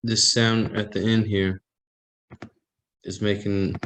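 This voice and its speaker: A man's voice: fairly low pitch, level tone, slow, fairly bright tone, rough recording. A man teaching a language class over a video call, patiently explaining and repeating example phrases. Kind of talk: online language lesson. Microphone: computer mic on a video call.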